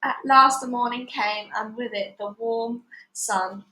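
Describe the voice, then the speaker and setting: A woman's voice: unhurried, slight background noise. Woman reading a storybook aloud, echoey. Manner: lively, voices quoted lines with higher, louder pitch. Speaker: storybook reader. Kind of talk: read-aloud storybook narration.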